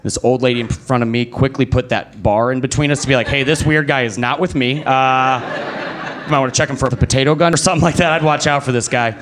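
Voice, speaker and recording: A young man works a club crowd in a stand-up set. He tells his story at an easy pace, then jumps his voice high and loud whenever he plays someone else in it. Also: fairly quick, slight background noise. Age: young adult. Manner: animated storyteller who jumps high to act out other people. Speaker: stand-up comedian. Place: comedy club stage. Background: live audience.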